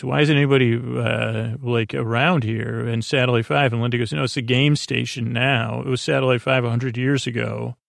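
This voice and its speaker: A man hosting a sleep podcast, giving a slow, rambling recap of an episode with many halting fillers and restarts. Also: medium pitch, vocal fry, no echo, studio quality.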